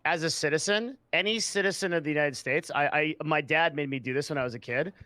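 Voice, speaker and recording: Man, storyteller, casual, swearing, fillers, slightly high voice, dry sound. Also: fast, pushed and bright, no room sound. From San Diego area, US. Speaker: podcast guest. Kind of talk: casual chat.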